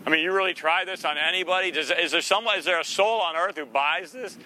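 A man with a high, very bright voice preaches in a loose, chatty way. He is sarcastic and folksy, and he slips into playful voices now and then to make his point. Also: fast, slight background noise. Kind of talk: conversational sermon.

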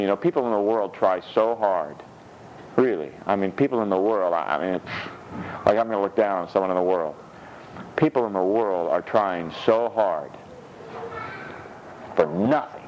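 A man preaching a sermon in a lively, humorous way, laughing often and slipping into high mock voices when he quotes scripture. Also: highs cut off, slight background noise. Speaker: pastor.

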